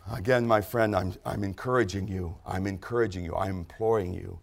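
A male pastor preaching a sermon, moving from quiet storytelling to a loud, pleading altar call. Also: low-pitched, moderate pace, vocal fry, few pauses, breathy edge.

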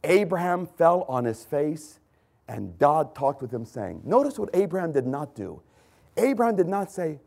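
A man preaching a sermon, swinging from loud emphatic lines to hushed ones and pausing to correct his own slips. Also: a little high, very animated, gravelly, husky. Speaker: pastor.

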